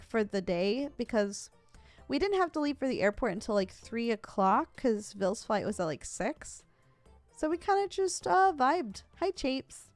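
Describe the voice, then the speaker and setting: A giggly woman streamer with a higher voice chats casually, telling stories with frequent laughs and fillers. Her dry close mic has no echo, and faint music runs behind her.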